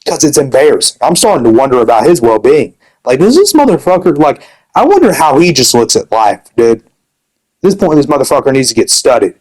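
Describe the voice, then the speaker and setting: A man's voice: mid-range voice, sing-song, fairly quick, a little mellow, rough recording. A young man ranting angrily about another member of his gaming community, swearing heavily and saying "dude" constantly. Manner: heavy swearing, repeats dude. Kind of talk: angry rant.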